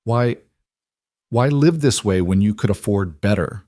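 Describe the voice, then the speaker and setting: A man voicing an earnest, quick-minded young frontier woman in a storybook reading. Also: on the low side, lively intonation, warm tone, no echo, studio quality. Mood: curious.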